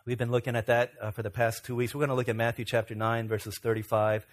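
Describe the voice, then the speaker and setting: A middle-aged man from Virginia, a pastor telling stories in a relaxed, self-deprecating way during a sermon. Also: medium pitch, fast. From Virginia, USA. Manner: conversational, self-deprecating storyteller. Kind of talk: storytelling sermon.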